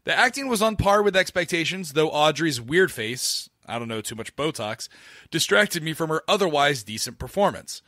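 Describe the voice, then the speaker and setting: A man's voice: a little high, animated, normal speed, sharp tone, dry recording, studio quality. A man from Florida co-hosting a podcast, chatting loosely with lots of fillers and restarts. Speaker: podcast co-host. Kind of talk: casual podcast chat.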